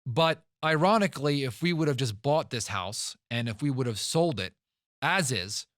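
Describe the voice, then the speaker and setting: A man's voice: mid-range voice, expressive, normal speed, fairly bright tone, no room sound, studio quality. A man hosting a podcast who talks emphatically, tells stories and repeats words for stress. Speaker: podcast host and real estate investor. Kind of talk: podcast monologue.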